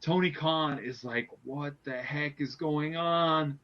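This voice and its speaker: A man's voice: a little high, slow. Rambling podcast guy, lo-fi sound. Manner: rambling, animated retelling with many restarts. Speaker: podcast host. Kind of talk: casual wrestling podcast chat.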